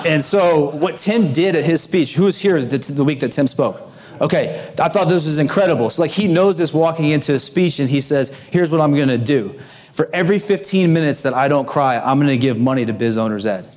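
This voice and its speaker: A man's voice: fairly high pitch, brisk, darkish tone. Self-mocking man giving a speech. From Texas. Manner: self-deprecating, jokey, conversational. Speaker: graduation speaker. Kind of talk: humorous speech to a live audience. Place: banquet room before an audience.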